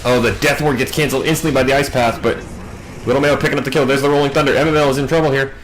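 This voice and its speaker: A man doing solo play-by-play game commentary, racing through big fights and dropping wry asides in quiet moments. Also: medium pitch, a little hiss or hum, poor audio. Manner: quick, excitable calls in big plays, wry asides in lulls. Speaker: match commentator.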